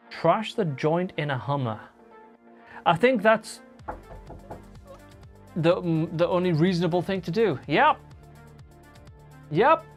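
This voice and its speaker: Low-voiced woman chatting on a livestream. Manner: chatty, reads viewer comments aloud and answers them. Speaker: live-streaming guitarist. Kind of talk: casual live-stream chat.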